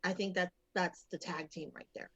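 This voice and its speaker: A woman's voice: on the low side, steady tone, moderate pace, fairly bright tone, rough recording. A woman co-hosting a casual podcast, rambling through confident opinions with many restarts. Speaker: podcast co-host. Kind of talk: casual chat.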